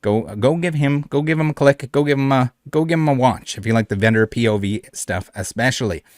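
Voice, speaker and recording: A male host narrates a reaction commentary with blunt indignation and frequent swearing. His voice sits in a middle pitch. The recording is dry, with no room sound. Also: fairly quick, no room sound. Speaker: channel host.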